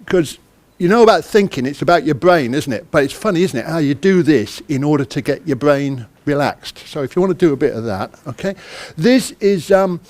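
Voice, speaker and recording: Speaking to a conference hall, a British man runs an interactive talk, his voice slightly high for a man and darkish in tone. Animated and brisk, he barely pauses, staying chatty and self-deprecating while firing questions at the audience.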